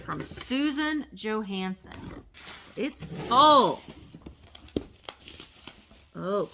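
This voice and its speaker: A woman vlogger with a gravelly, bright voice, chatting through an unboxing in an unhurried way. She gushes over every item she pulls out and talks playfully to the little objects as if they could answer. Her pitch swings up and down with lively excitement. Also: a little hiss or hum. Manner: gushing, exclaims over each item. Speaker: reseller vlogger. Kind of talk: casual unboxing chat.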